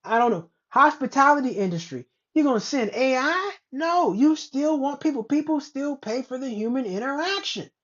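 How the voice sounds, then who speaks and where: A woman's voice: high-pitched, normal speed, few pauses. Woman ranting bluntly, dull lo-fi sound. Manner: blunt, rambling, profane, animated asides. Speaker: host of a commentary show. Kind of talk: casual ranting commentary. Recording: dull lo-fi recording.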